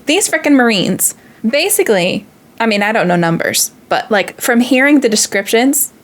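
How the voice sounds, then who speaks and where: A woman's voice: medium pitch, lively intonation, normal speed. A woman hosting a reaction video, talking casually in an earnest, emotional way and thinking aloud.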